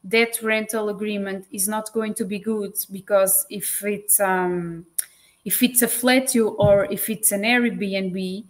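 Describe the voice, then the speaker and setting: A woman, a guest advisor answering questions on a live stream, pausing often and searching for English words. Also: medium pitch, steady tone. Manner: hesitant, many fillers, searching for words.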